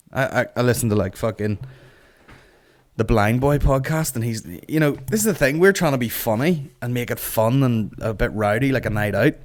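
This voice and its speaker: A man hosting a comedy podcast, ranting casually, cursing a lot and acting out other people's voices. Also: lowish voice. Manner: sweary, animated, acts out people's voices. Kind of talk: casual comic rant.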